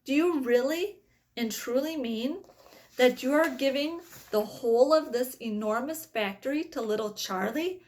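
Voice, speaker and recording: A woman reading aloud, voicing an older grandfather who stammers when excited. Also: sits high, unhurried. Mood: astonished. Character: old grandfather, fond and excitable.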